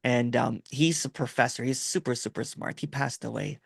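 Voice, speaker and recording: A man's voice: mid-range voice, normal speed, gravelly, slightly rough, no room sound, clean studio sound. A middle-aged man from the Philippines with a Filipino accent, rambling through a story in casual video-call chat with lots of fillers and "right?". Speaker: host.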